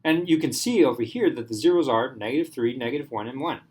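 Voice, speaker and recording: Male math teacher, relaxed classroom lecture, thinks aloud and checks in with students often. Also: medium pitch, quick pace, breathy edge. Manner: casual, thinks aloud, asks the class questions.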